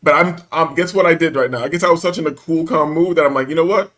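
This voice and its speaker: A man's voice: a little high, fairly even intonation, quick pace, fairly bright tone. A man telling a story in casual chat, acting out the quotes and laughing often, with profane slangy banter.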